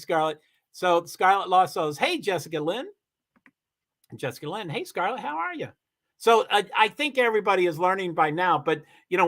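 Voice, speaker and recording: High-voiced rambling male streamer. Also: fairly bright tone. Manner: rambling, halting, with frequent restarts and laughs. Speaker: live streamer. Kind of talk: casual live stream chat, reading comments.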